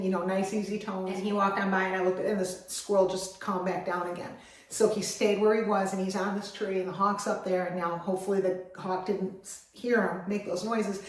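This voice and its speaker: A woman vlogger telling a story with lively energy, going from loud excitement to hushed calm. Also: mid-range voice. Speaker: animal rescue vlogger. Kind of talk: animated storytelling. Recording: very echoey voice, far from the mic.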